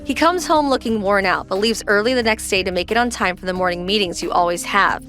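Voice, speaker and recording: A woman's voice: mid-range voice, fast, fairly bright tone, soft background music, natural voice. A young woman voicing a protective wife who confronts her husband's boss in a pleading, accusing way.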